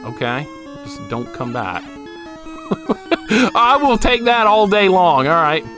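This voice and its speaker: A man's voice: fairly high pitch, big pitch swings, slow. A man in his thirties streaming a retro game, chatting and laughing with viewers while he plays, swearing casually. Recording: game music playing loudly beneath the voice. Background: retro game music.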